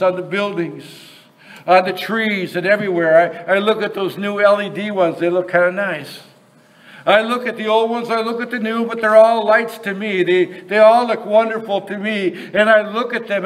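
A man's voice: sits high, fairly bright tone, low-quality recording. A man preaching a sermon to a group of men, earnest and unpolished, often repeating words as he goes.

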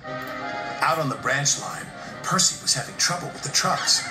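Animated man reading a storybook aloud. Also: medium pitch, measured pace. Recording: roomy room with background music.

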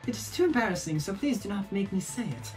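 A man's voice: high-pitched, sing-song, fast talker, a little mellow, soft background music. A man putting on a prim, formal princess voice. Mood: earnest. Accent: affected posh accent. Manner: very formal, careful phrasing.

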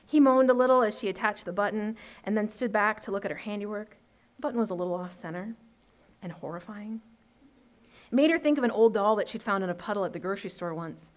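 A woman author reading her short story aloud at an open mic, in a steady, measured way. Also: medium pitch.

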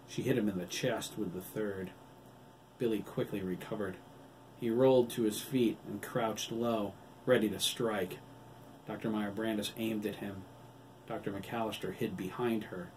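Author narrating his novel, low male voice, steady reading, slightly distant mic. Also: slight background noise. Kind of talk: audiobook narration.

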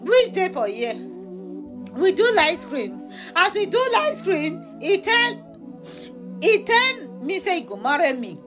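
A woman's voice: very high voice, sing-song, slow pace, pauses often, a bit bright, exaggerated voice. A woman playing a jilted young woman abroad in a comic skit. She has a Nigerian accent and pleads for her money, wailing with laughter mixed into her sobs. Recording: music playing under the voice. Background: music.

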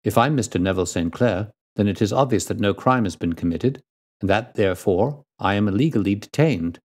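A man voicing an ashamed middle-aged gentleman prisoner who pleads passionately. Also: fairly low pitch, brisk, slightly rough. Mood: indignant.

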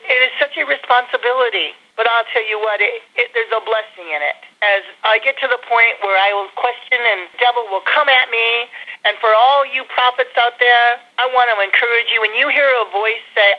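A woman's voice: on the high side, brisk. A woman preaching a sermon as a prophet, fiery and accusing, sometimes bursting out sharply. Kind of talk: recorded sermon. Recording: dull lo-fi recording.

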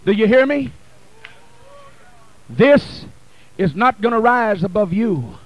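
Man, Pentecostal bishop, rhythmic shouted preaching, drawn-out slow phrases, very high voice. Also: big pitch swings, lo-fi sound. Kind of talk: Pentecostal sermon. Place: church sanctuary. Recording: archival 1980 church recording, distant in spots.

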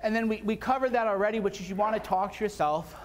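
Man, high-pitched voice, seminar speaker, casual blunt delivery, repeats himself for emphasis. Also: fast talker, slight background noise. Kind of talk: live seminar talk. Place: seminar room before an audience.

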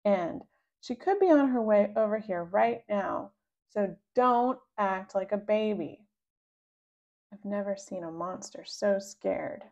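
A woman reading a children's book aloud, voicing the child narrator with sudden high, loud outbursts. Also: expressive, slow pace, dull audio. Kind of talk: read-aloud storytelling.

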